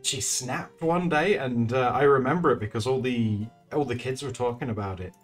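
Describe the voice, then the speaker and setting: Soft music plays in the background as a man draws on a stream and talks casually with his audience. His voice is mid-range at a moderate pace, and he thanks viewers, tells stories and laughs a lot.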